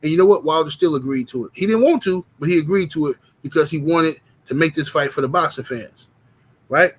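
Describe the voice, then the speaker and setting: A man's voice: on the high side, a little fast, slightly rough. A man hosting a boxing commentary livestream, arguing emphatically, greeting chat and often checking in with "right?". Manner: emphatic and argumentative, keeps asking "right?".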